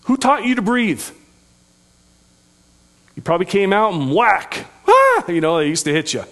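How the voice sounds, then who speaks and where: A man with a fairly high voice delivers a sermon from the pulpit. He preaches earnestly but conversationally, slipping in folksy asides and light humor. He sounds middle-aged. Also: expressive, moderate pace, fairly bright tone. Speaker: pastor.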